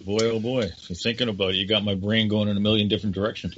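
A man's voice: on the low side, flat delivery, racing, noisy background. An older man hosting a talk show, rambling and impassioned, often calling his guest by name. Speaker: radio show host. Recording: dull lo-fi audio.

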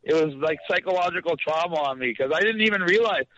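A man's voice: on the high side, animated, fast, bright, forceful tone, dry recording. A man from Canada ranting with passion as a guest on a talk radio interview, heard through dull lo-fi radio sound. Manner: impassioned, ranting.

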